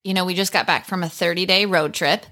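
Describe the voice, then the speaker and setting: A woman's voice: on the low side, fairly even intonation, fairly quick, pushed and bright. A woman in her thirties hosting a podcast, chatting in an upbeat, lighthearted way. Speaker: podcast host. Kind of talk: casual podcast chat.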